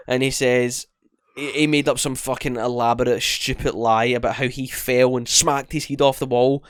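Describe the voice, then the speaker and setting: A man's voice: mid-range voice, fairly even intonation, normal speed, clean tone, dry recording, studio quality. A young Scottish man co-hosting a podcast, telling rambling stories with lots of swearing and restarts. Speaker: podcast co-host. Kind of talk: casual chat.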